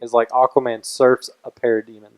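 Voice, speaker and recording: A man's voice: medium pitch, monotone, fairly quick. A young man co-hosting a podcast, chatting casually in an earnest, rambling way. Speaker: podcast co-host. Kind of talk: casual chat.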